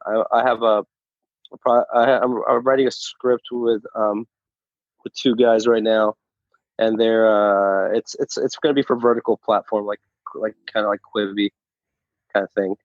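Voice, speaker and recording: A man's voice: fairly low pitch, fairly even intonation, normal speed, no echo. Comedian guy rambling and tripping over his words, cursing a lot, kinda muffled dry sound. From Saudi Arabia then the U.S. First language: Arabic. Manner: stammering, restarts, swears freely, laughs often. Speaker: stand-up comedian, guest. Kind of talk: casual interview chat. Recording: dull, lo-fi sound.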